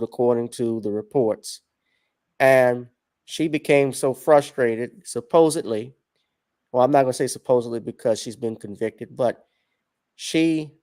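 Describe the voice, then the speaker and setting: A man's voice: medium pitch, a little mellow. A man hosting an online commentary show, talking casually and addressing his viewers directly.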